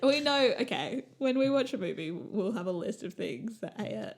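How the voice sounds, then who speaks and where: A woman co-hosting a casual movie review chat, telling stories in an animated way and teasing playfully. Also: medium pitch, normal speed. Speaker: podcast co-host.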